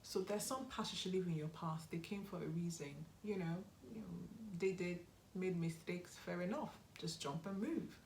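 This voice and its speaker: A woman's voice: fairly low pitch, moderate pace, darkish tone, a little hiss or hum. Earnest young woman, roomy echo. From Nigeria. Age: young adult. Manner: earnest, encouraging, repeats key advice. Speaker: YouTube host. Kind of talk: motivational vlog talk.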